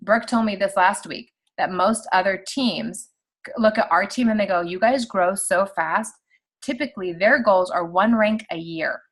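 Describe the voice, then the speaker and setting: A woman's voice: medium pitch, unhurried. Woman in her 30s leading a team video call, chatty and upbeat, mid-range voice, lots of "like". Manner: chatty and animated, heavy use of "like". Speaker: team leader on a sales call. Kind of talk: casual motivational talk.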